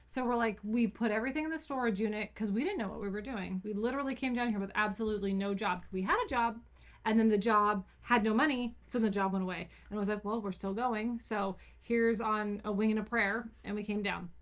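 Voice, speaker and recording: A woman co-hosting a casual podcast, supportive and quick to agree. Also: mid-range voice. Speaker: podcast co-host. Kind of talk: casual chat.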